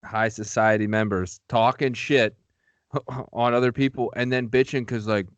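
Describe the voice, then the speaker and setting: A man's voice: medium pitch, steady tone, a little slow, dry recording, muffled recording. A man co-hosting a podcast in casual chat, chiming in with short, laid-back, sometimes profane remarks. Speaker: podcast co-host.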